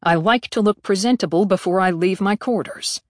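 A woman's voice: mid-range voice, normal speed, no room sound, clean studio sound, voice pushed down, natural voice. A woman reading an audiobook, voicing a stiff, formal male ambassador who speaks curtly.

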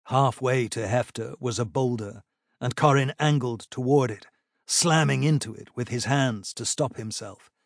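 A man narrating a fantasy battle audiobook in a measured, even storytelling manner. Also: medium pitch, gravelly, no room sound, clean studio sound.

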